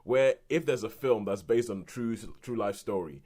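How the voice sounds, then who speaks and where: A British man co-hosting a podcast, reviewing films in a rambling, animated way with restarts and laughs. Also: medium pitch, normal speed. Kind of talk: casual film review chat.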